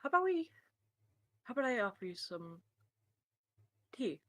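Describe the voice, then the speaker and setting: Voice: medium pitch, very animated, moderate pace, pitched above the performer's own voice, natural voice. A player voicing a cheerful, flower-loving adult who offers tea politely and chats sweetly.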